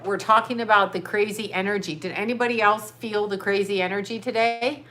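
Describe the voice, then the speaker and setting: A woman's voice: mid-range voice, steady tone, brisk, sharp tone. A woman hosting a casual livestream, rambling chattily and greeting viewers as she reads their comments aloud. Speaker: livestream host. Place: home.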